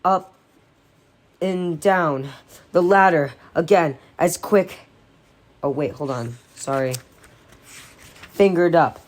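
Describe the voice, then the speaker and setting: Low-voiced woman reading a novel aloud. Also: slow pace, long pauses. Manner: unpolished, with slips and self-corrections. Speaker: audiobook reader.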